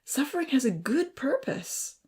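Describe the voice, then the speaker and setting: A woman's voice: high-pitched, sing-song, unhurried, pitched above the performer's own voice. A woman doing Evan, an earnest young assistant. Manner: pleading, soft-spoken.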